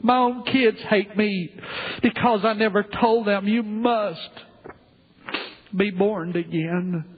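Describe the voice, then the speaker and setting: Preacher playing a grieving father, high and husky. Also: exaggerated voice. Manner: pleading, mournful, halting. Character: regretful father lamenting from hell. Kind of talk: dramatic sermon reading. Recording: tinny lo-fi phone-like recording.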